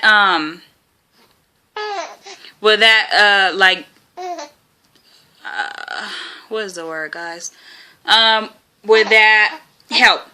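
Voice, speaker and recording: A woman's voice: mid-range voice, sharp tone, clean tone. A young woman vlogger telling a rambling story in a casual, chatty way, with lots of fillers and frequent laughter.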